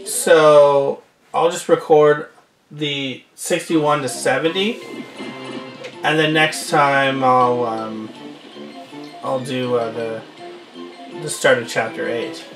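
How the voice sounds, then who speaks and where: A man's voice: fairly high pitch, fairly bright tone. A man giving casual gameplay commentary, rambling and trailing off with fillers. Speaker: game let's-player. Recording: roomy distant mic with game music.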